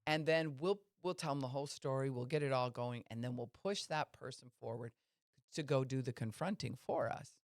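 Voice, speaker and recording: A woman's voice: a bass voice, a little fast, no room sound. Woman pastor, podcast teaching, conversational and explanatory, dry close sound. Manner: conversational, explanatory, asks listeners questions.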